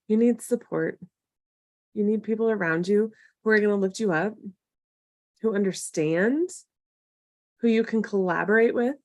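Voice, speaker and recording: A woman hosts a live coaching session and talks casually to her viewers. Her voice sits mid-range and comes across warm-hearted but blunt, encouraging one moment and tough-love the next. The sound is dry and close, with no room echo. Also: medium pitch. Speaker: marketing coach hosting a live Q&A.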